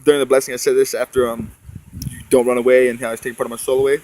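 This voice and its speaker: A man's voice: medium pitch, little pitch movement, very fast, noisy background. A man telling a long personal story in a meandering monologue, swearing often and leaning on fillers and tag questions. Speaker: storyteller recounting spiritual experiences.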